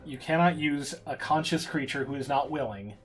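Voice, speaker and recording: A woman's voice: sits low, normal speed. A woman running a tabletop game as game master, giving rulings and narrating outcomes between laughs.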